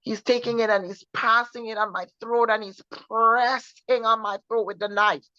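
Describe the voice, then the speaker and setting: A woman co-hosting a faith show, recounting her personal testimony in an earnest, halting way with many restarts. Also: a little high, fairly even intonation, bright, forceful tone, dry recording. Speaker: co-host sharing her testimony. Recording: dull, muffled sound.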